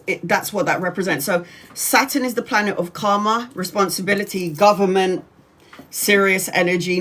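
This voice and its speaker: A woman in her forties hosting a casual tarot livestream. She talks in a loose, chatty way, swears freely and breaks into laughs. Her pitch sits in the middle for a woman. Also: a bit bright. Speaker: tarot reader.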